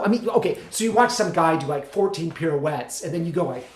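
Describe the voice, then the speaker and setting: Man doing a solo comic monologue, chatty and exasperated, lively pitch, echoey room. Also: fast, hardly any pauses. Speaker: solo stage performer.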